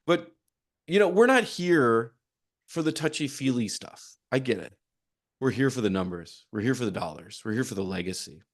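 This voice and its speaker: Animated man telling coaching stories. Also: medium pitch, normal speed. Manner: animated storytelling with acted-out quotes. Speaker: performance psychology coach. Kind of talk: conference session talk.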